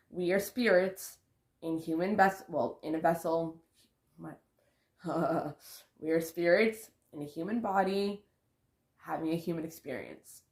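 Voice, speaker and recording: Slow-talking low-voiced woman vlogger. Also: darkish tone, reverberant. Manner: rambling, self-correcting, sighs and laughs. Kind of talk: casual spiritual vlog talk.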